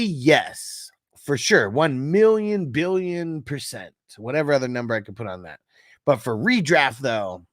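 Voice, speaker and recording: A man's voice: medium pitch, measured pace, dry recording, studio quality. A man hosting a casual fantasy football livestream, joking and swearing as he reads chat comments aloud. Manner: animated, profane, laughs often while reading chat aloud. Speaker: fantasy football show host. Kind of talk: casual livestream sports talk.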